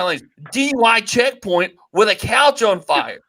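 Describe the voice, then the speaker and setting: Animated storytelling man, podcast co-host. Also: unhurried, creaky. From Georgia, US. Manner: animated, swearing, rising pitch as story builds. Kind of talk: casual storytelling.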